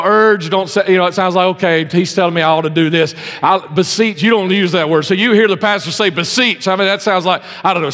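A man preaching a sermon to his congregation, emphatic, swinging between loud pleas and hushed earnest lines. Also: high voice. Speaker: pastor. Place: church service in a civic center. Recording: long hall reverb.

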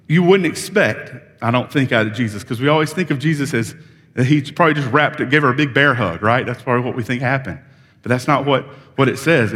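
A man preaching a sermon in a casual, halting way, often repeating words as he retells a Bible story. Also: fairly high pitch, a bit bright. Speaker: pastor. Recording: long hall reverb.

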